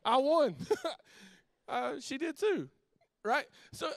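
A middle-aged man preaching a sermon as pastor, telling a story with lively restarts and asides to the congregation. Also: very high voice, slow pace, gravelly, no echo.

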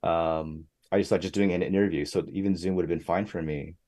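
Young guy guesting on a podcast, lowish mellow voice, chatty, gets animated and squeaky doing quotes. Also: a little fast. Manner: animated storytelling, jumps up in pitch when quoting people. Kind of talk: casual interview chat.

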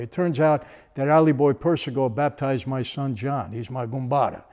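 A man's voice: medium pitch, normal speed, darkish tone. Older new guy telling an old story, chatty, lots of "you know". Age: 60s. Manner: conversational, frequent "you know" asides. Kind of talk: casual storytelling.

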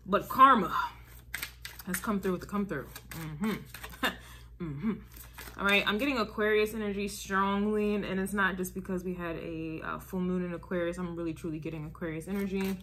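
A woman's voice: fairly low pitch, moderate pace, sharp tone, slight background noise. A woman giving a casual tarot reading to her viewers, emphatic and repetitive, often checking in with "all right?" and "okay?". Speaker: tarot reader.

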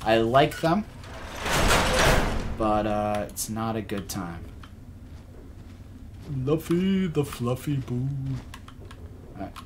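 A man streaming a game live, giving excitable, jokey commentary, swearing and laughing often. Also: medium pitch, slow, long pauses, noisy background.

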